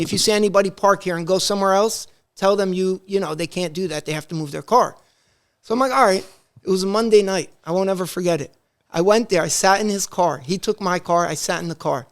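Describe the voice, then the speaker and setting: High-voiced man telling animated stories. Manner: animated, acts out quoted dialogue; rambling with many restarts. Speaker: podcast guest. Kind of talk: casual storytelling.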